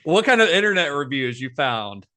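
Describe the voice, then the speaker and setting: A man's voice: fairly high pitch, very animated, moderate pace, bright, forceful tone. A man co-hosting a podcast, explaining film history in a casual, talkative way, often laughing. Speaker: podcast co-host.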